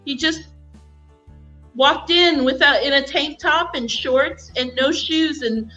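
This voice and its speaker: A woman's voice: sits high, slow pace, pushed and bright, dull audio, soft background music. A woman chatting casually on a live stream, telling stories and acting out what people say, laughing often. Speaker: guest.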